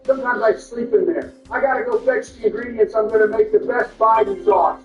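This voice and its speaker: A man's voice: very high voice, steady tone, a little fast, hardly any pauses. A man doing comedic game commentary, trading crude insults in bickering impressions. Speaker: gameplay commentator. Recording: roomy, distant, muffled, with music.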